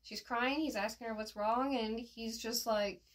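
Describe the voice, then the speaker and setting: A woman's voice: a little high, steady tone, measured pace. A woman giving a casual, slangy spoken review, with fillers and a laugh at her slips. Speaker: manga reviewer.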